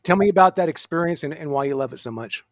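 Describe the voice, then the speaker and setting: A man's voice: fairly high pitch, animated, fast, dry recording, studio quality. A man interviewing a guest, asking short, teasing questions.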